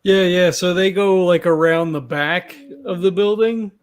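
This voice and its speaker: A man's voice: sits high, fairly even intonation, a little slow. A man playing a character in a tabletop game, talking casually with many fillers. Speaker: player.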